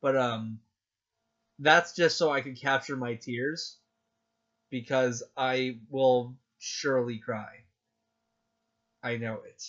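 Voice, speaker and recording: A man chatting on a podcast, excitable and gushing, acting out his own reactions as he talks. His voice sits at an ordinary pitch. The recording is dull and lo-fi. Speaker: podcast co-host. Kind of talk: casual chat.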